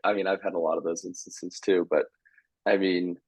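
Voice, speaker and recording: A man's voice: low voice, brisk, husky, no room sound, low-quality recording. A young man in his twenties, a guest on a podcast, speaking casually and a little hesitantly. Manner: relaxed, hesitant with fillers, chuckling. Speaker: guest, hockey player. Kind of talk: casual interview chat.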